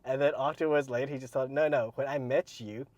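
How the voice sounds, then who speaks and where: A man co-hosting a casual podcast, rambling with many fillers and letting his sentences trail off quietly. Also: mid-range voice, steady tone, brisk, no echo. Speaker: podcast co-host.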